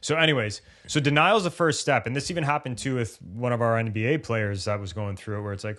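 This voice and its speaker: Man, podcast co-host, casual chat, animated, acts out athletes' thoughts, mid-pitched voice. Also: fast talker, few pauses. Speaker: podcast co-host and injury recovery coach.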